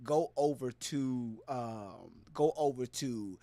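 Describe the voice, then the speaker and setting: A man hosting a casual live stream, loud and playful, hyping up his viewers and greeting them by name. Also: medium pitch, takes it slowly, no room sound.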